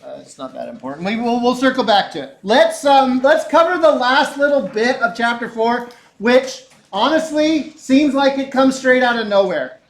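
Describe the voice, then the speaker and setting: Middle-aged male teacher, high voice, lively classroom lecture, echoey room. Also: moderate pace, few pauses. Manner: animated, chatty, asks rhetorical questions.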